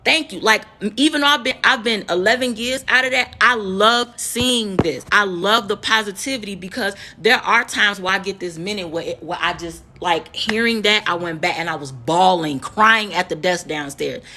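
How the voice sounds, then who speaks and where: A woman's voice: mid-range voice, normal speed, hardly any pauses, bright, forceful tone. A woman in her thirties from the United States, a nurse, telling a heated, profane story to her viewers and repeating words for emphasis. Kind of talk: emotional storytime vlog.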